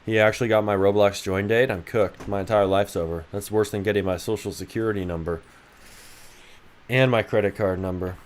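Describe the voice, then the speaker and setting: A man's voice: on the low side, steady tone, fairly quick. A man from Idaho, a game developer streaming live, bantering with his chat in a loose, joking, profane way. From Idaho, USA. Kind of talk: casual livestream chat.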